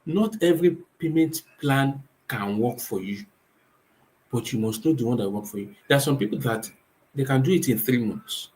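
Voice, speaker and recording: A man's voice: mid-range voice, lively intonation, moderate pace, a little mellow, low-quality recording. Nigerian man, emphatic advice talk. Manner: emphatic, asks rhetorical questions and answers them himself. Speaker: real estate company owner.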